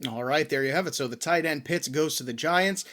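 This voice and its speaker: Easygoing guy host keeping the sports chat moving, bit higher voice. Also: fairly quick, fairly bright tone. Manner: easygoing, moving the draft along.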